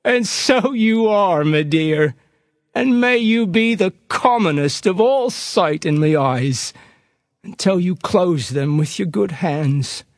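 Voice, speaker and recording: A man's voice: animated, dry recording, studio quality, exaggerated voice. A man doing Missus Tetterby, a gushing tearful wife. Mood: tearful joy. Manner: high, gushing, slow and heartfelt.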